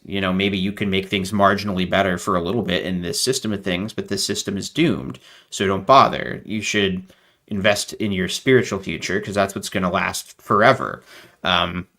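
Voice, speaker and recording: A man talking as a guest in a casual interview over a video call, animated and rambling with lots of fillers. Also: fairly low pitch.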